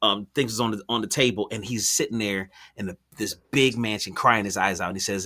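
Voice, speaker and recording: A man with a somewhat low but forceful, bright-edged voice, talking as a show host. He tells stories in a relaxed, conversational way, slangy and animated, with plenty of ums and restarts. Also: a little fast, few pauses. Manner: animated, slangy storyteller with many fillers and restarts. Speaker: podcast host. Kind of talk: casual conversational storytelling.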